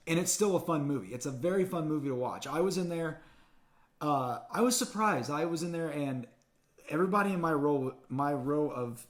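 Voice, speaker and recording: A man reviewing a movie in a casual spoken recap, retelling the plot in an excited, chatty way with quick restarts. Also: fairly high pitch.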